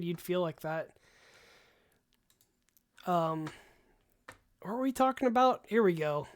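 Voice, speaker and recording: A young man hosting a casual livestream, rambling and animated, with frequent sighs and asides, his voice tiring from long talk. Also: sits high. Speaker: host.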